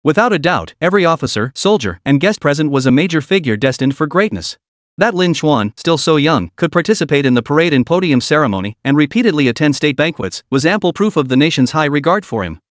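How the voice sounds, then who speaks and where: A man narrating a story in an even, steady reading voice. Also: on the high side, quick pace, no room sound, clean studio sound.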